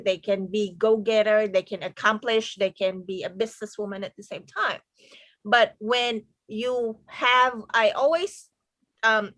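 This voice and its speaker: A woman's voice: mid-range voice, fairly bright tone, no room sound. A woman taking part in a casual group discussion, speaking hesitantly and searching for her words. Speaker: discussion participant.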